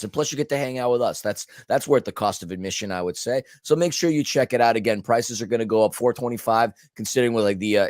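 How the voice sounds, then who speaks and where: A man's voice: on the low side, no echo, studio quality. A man co-hosting a soccer podcast, talking in an emphatic, chatty way while losing his voice. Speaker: podcast co-host and commentator. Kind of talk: casual podcast chat.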